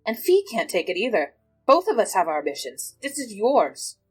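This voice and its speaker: A woman's voice: mid-range voice, very animated, normal speed, darkish tone, breathy edge, faint music behind. A woman voicing a scornful, impatient male elf in a tabletop game, speaking sharply with a raised voice. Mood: exasperated. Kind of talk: tabletop role-play voice.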